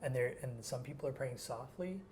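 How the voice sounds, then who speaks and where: A man's voice: mid-range voice, fairly quick, slight background noise. Man telling a rambling personal story. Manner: animated, rambling, heavy use of "like". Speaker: interview guest.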